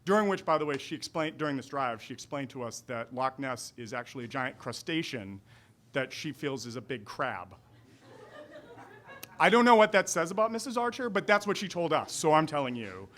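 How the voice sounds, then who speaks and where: Man, 40s, Boston accent, live storyteller, wry, self-deprecating, bright tone. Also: a little high, sing-song, a little fast. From Boston area. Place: restaurant storytelling night.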